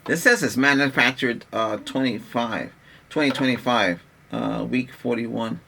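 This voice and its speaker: A middle-aged man vents about tech in a loose, rambling vlog voice that is bright and forceful. He keeps restarting his sentences and sounds exasperated. A faint hiss sits under the recording. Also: mid-range voice, unhurried, vocal fry. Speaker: tech vlogger. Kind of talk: casual ranting vlog.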